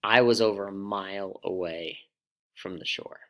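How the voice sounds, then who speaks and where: A man giving a reflective personal storytelling talk, pausing dramatically between short phrases. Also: low-pitched. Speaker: storyteller speaker.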